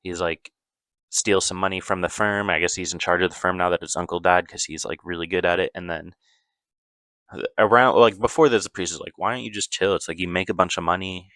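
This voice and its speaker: A man's voice: low voice, steady tone, fairly quick, fairly bright tone, no room sound. A man casually recapping a movie plot, rambling loosely with lots of fillers and self-corrections.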